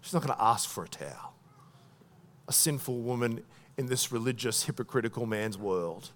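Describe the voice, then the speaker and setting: A man preaching a sermon, retelling a story with lively voiced thoughts and dropping soft at the moving parts. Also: mid-range voice, normal speed, slight background noise.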